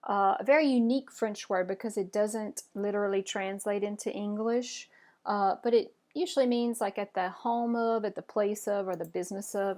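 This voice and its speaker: Pronouncing each French example slowly and distinctly, this teacher then prompts her learners to repeat it. Her voice is mid-pitched with a darkish tone, and her manner in the pronunciation lesson stays patient and encouraging.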